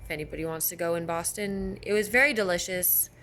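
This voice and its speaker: A woman's voice: fairly low pitch, fast, sharp tone, slight background noise. Chatty woman vlogging casually. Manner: chatty, rambling, with restarts and laughs. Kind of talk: casual vlog chat to camera.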